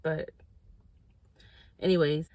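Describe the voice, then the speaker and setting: A woman's voice: low-pitched, takes it slowly, no echo. A woman vlogger telling a personal story in a casual, slangy way, acting out what people said and talking straight to her viewers. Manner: animated storytelling, acting out quoted dialogue; slangy, direct, addresses viewers as y'all. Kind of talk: storytime vlog.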